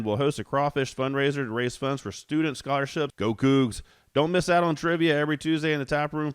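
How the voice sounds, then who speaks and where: Smooth-voiced man reading show ads. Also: medium pitch, a bit bright, dry recording, studio quality. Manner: easygoing, laughs along. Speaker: podcast host. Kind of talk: casual chat and read ads.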